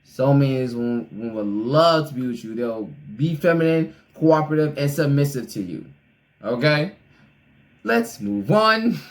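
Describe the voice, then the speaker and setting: A man's voice: mid-range voice, lively intonation, moderate pace, poor audio. A man hosting a casual reaction video, blunt and opinionated, talking straight to the person he reacts to.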